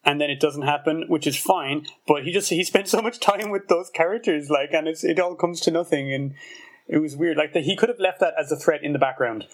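A man's voice: on the high side, fairly quick. A man co-hosting a podcast, talking animatedly about a book and laughing often. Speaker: podcast co-host. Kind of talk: casual book review chat.

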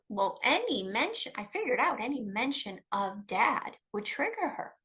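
A woman's voice: fairly high pitch, very animated, normal speed, pushed and bright. A middle-aged woman, a guest expert, talking emphatically and animatedly in a conversational interview, often restarting her sentences. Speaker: guest expert on coercive control.

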